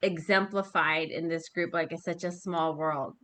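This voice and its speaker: A woman's voice: low voice, steady tone, normal speed, fairly bright tone. A woman hosting a casual live video chat, reacting with enthusiasm. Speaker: host of the group chat.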